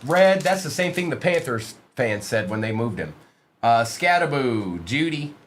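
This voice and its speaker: A man's voice: medium pitch, sing-song, a little slow, slight background noise. A man hosting a live sports card break, reading out player names from the pulls and chatting casually with viewers in the stream chat.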